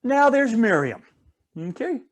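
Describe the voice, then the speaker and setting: A man's voice: very high-pitched, big pitch swings, measured pace. A man leading a Bible study, teaching casually through a story and checking in with listeners often.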